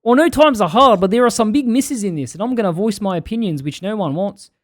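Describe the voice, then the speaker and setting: This is a put-on New Zealand accent that keeps sliding toward Australian, done by a man. The reading is earnest and steady as it works through a long list of complaints. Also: high voice, fast, dry recording, clean studio sound. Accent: put-on New Zealand accent drifting toward Australian.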